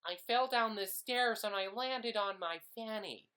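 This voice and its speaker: A man with an English accent putting on a loud, whiny American man who keeps complaining about his rights. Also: unhurried. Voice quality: high, shouty and whining.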